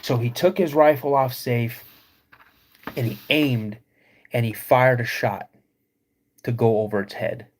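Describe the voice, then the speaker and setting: A man hosting a live podcast, retelling a creepy encounter slowly with dramatic pauses. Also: medium pitch, slight background noise. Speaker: podcast host.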